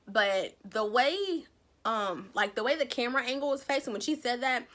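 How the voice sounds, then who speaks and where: Bright-voiced woman recapping a TV episode. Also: fairly high pitch, normal speed. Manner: animated storytelling that acts out the characters' lines. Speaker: TV recap vlogger.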